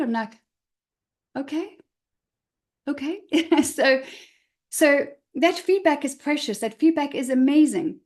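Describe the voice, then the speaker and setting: High-voiced expressive woman coach. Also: takes it slowly, pauses often. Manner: expressive, emphatic, repeats key words. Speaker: confidence coach. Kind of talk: motivational talk to listeners.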